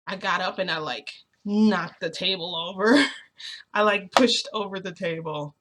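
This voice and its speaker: A woman's voice: lowish voice, measured pace, background noise. A young woman vlogger telling a story in a rambling way, full of fillers and restarts. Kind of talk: storytime narration.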